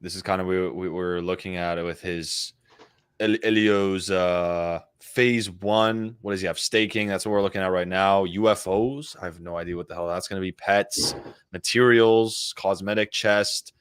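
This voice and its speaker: A man's voice: deep voice, fairly even intonation, moderate pace, clean tone, no room sound, clean studio sound. A man hosting a livestream, chatting loosely and hyping his viewers with profane banter. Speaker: livestream host. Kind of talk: casual livestream chat.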